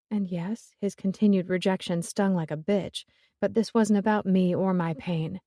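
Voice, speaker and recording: A woman's voice: on the low side, little pitch movement, normal speed, warm tone, no echo, clean studio sound. A woman narrating a romance audiobook in first person, in a wry, conversational manner.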